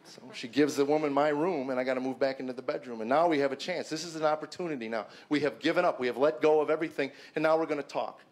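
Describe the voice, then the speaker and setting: A middle-aged man with a slightly high voice tells a personal testimony to an audience. He speaks earnestly and conversationally, stumbling into restarts and repeated words as he goes. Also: quick pace, few pauses. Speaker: comedian giving a personal testimony.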